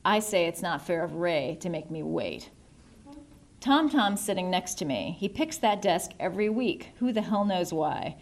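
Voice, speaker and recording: A woman narrating a novel in the first person, wry and measured. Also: on the low side, very animated. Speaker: audiobook narrator.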